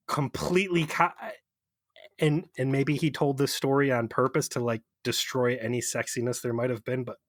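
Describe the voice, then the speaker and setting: Male co-host, casual rambling recap, mid pitch, dry mic. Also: fairly bright tone, dry recording. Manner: rambling, profane, amused recapping. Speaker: podcast co-host. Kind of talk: casual chat.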